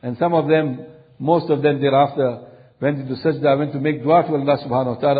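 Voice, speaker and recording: A man's voice: mid-range voice, fairly even intonation, a little fast, narrow, tinny audio. A male preacher telling a long religious story in a sermon, solemn, repeating phrases for emphasis.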